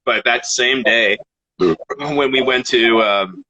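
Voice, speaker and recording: A man from Canada, a guest rapper, telling casual stories in an animated, swearing way. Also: mid-range voice, slow pace, no echo, poor audio. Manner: animated, swearing, laughs between phrases. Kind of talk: casual storytelling.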